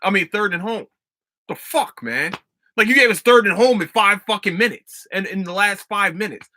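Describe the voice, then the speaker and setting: A young man hosting a casual solo podcast, ranting about a TV finale in a profane, excitable, rambling way full of restarts. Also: sits high, normal speed. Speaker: podcast host.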